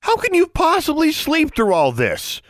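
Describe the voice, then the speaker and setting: A man voicing a sharp-tongued, defiant schoolgirl witch in an audiobook. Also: mid-range voice, sing-song, moderate pace, no echo, clean studio sound, voice pushed up, natural voice. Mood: snapping. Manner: snappish.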